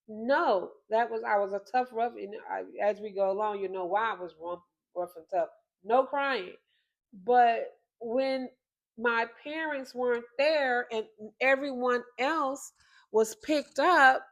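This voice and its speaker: A woman hosting a podcast, telling a personal memory in a slow, reflective and emotional way. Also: fairly high pitch, a bit bright. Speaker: podcast host. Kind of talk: personal storytelling.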